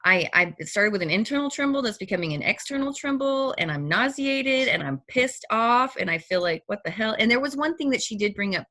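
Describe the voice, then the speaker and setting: A middle-aged woman telling a personal story in casual chat, animated and often acting out her own reactions. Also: a little high, a little fast, few pauses.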